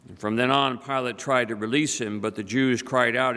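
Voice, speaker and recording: A male pastor reads scripture and preaches with an easy, joking warmth of delivery, his pitch sitting mid-range. The long reverb of a church hall surrounds his voice. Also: fairly even intonation, normal speed, few pauses, clean tone. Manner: conversational, humorous. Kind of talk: scripture reading and sermon.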